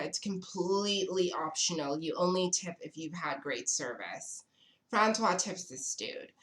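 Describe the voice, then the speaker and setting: A young woman from South Africa with a fairly low voice, recounting a story to camera. She talks in a chatty, sassy and dramatic way. The room around her rings with echo. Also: a bit bright. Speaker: vlogger. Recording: echoey room.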